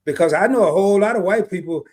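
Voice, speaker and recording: A middle-aged man co-hosts a live stream in a relaxed, slangy way and speaks right to his audience. His voice sits a little high. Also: fast talker. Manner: laid-back, slangy, talks to viewers directly. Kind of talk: casual live stream chat.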